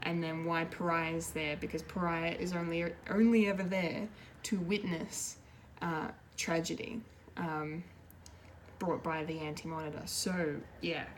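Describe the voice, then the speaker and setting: Female pop culture reviewer, low-ish voice, chatty and rambling recap delivery. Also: measured pace, a little hiss or hum. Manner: rambling and excitable, many fillers and restarts.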